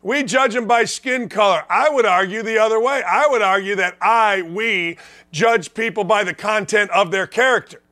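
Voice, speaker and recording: A man's voice: high-pitched, normal speed, sharp tone. A man from Indiana hosting a sports talk show, delivering a blunt, sarcastic, opinionated rant. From Gary, Indiana, US.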